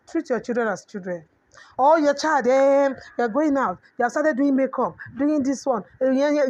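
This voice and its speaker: A middle-aged woman with a Nigerian accent giving a preachy parenting talk, mixing in Yoruba proverbs. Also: high-pitched. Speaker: parenting coach. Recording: dull lo-fi audio.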